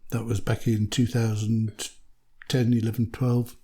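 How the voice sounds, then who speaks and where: A man's voice: on the low side, level tone, measured pace, warm tone. Male storyteller from the UK, casual interview guest, anecdotal and wry. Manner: chatty, anecdotal, dry humour. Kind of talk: casual conversation.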